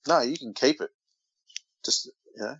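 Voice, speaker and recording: A man's voice: medium pitch, normal speed, creaky, a bit bright, breathy edge, dry recording. An Australian man co-hosting a casual podcast, reading odd news stories aloud and teasing his brother. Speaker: podcast co-host. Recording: dull lo-fi dry recording.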